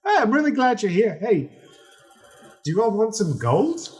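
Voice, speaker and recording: A man's voice: high-pitched, sing-song, moderate pace, darkish tone, soft background music, voice pushed up. A man doing a boisterous pirate king who gushes over his guests in loose, slangy talk. The voice is pushed well above his usual register and carries an eager, showy lilt. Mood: boastful, eager. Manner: gushing, over-friendly, casual slangy talk. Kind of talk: tabletop role-play character voice.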